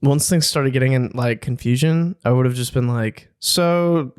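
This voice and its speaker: A man's voice: medium pitch, normal speed, a little mellow, smooth. A man co-hosting a podcast, reacting with short agreeing replies and chiming in on the story. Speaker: podcast co-host. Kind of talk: casual chat.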